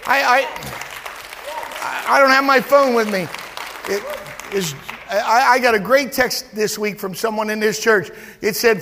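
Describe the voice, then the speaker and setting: A male pastor preaching a sermon in a church, animated and full of stammered restarts as he acts out quotes. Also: very high-pitched, takes it slowly, in a large hall, a faint crowd.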